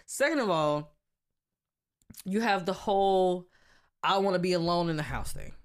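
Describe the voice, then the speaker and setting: A woman co-hosting a podcast in casual chat, animated and frank, laughing often and speaking. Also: lowish voice, normal speed. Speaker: podcast co-host.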